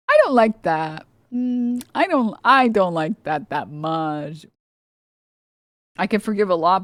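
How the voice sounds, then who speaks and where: A woman's voice: lowish voice, no echo. A woman streamer ranting in casual commentary, blunt, profane and sarcastic, rambling with lots of filler words. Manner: rambling with many filler likes.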